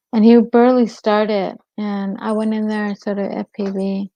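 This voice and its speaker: Gravelly woman hosting a casual live chat. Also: medium pitch, flat delivery, measured pace, dark tone, dry recording. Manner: rambling, answers viewer comments by name. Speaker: livestream host. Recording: dull lo-fi stream audio.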